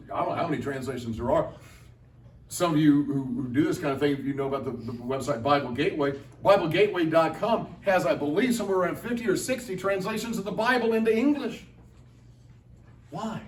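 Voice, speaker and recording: A middle-aged man, a Latin teacher and translator, gives a chatty lecture to students and quizzes the audience. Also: a little high. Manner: chatty and playful, asks the audience questions. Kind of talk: lively classroom-style lecture to students. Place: large lecture room at a convention. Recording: echoey room, voice from far off.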